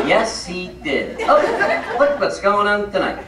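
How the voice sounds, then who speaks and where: A man's voice: high-pitched, expressive, a little slow, a loud crowd, heavy background noise. A man telling comic stories on stage to a live audience, acting out the dialogue with shifting voices. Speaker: comedic speaker. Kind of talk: storytelling stand-up on stage. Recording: echoey hall, mic at a distance, loud audience.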